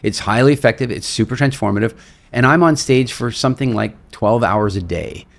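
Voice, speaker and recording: A man who is a speaker and seminar leader, telling stories as a podcast guest and acting out quotes with lively energy. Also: medium pitch, brisk, creaky. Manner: animated storyteller, acts out quotes, repeats words. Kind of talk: storytelling in a podcast interview.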